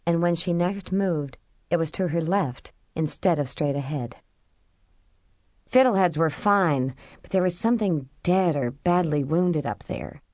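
A woman with a voice on the low side for a woman narrates a scripted audiobook in a steady, measured way. It was recorded close and dry on a studio mic, with no room sound and no echo.

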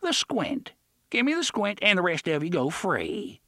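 A man's voice: high-pitched, wildly swooping pitch, unhurried, sharp tone, dry recording, studio quality, pitched above the performer's own voice, full character voice. A man voicing a dying, ragged old male pirate who talks in thick slang, friendly and threatening at once. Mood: gleeful wheedling. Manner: thick slangy speech, chummy yet threatening.

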